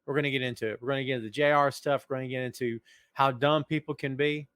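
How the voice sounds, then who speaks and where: A man's voice: mid-range voice, steady tone, fast talker, fairly bright tone, smooth, dry recording, clean studio sound. A man hosting a casual podcast livestream, joking around and greeting viewers in the chat by name. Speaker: podcast host.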